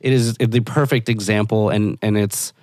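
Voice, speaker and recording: Low-voiced man podcast co-host. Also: steady tone, moderate pace, darkish tone, dry recording, clean studio sound. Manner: agreeable, swears casually. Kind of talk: casual chat.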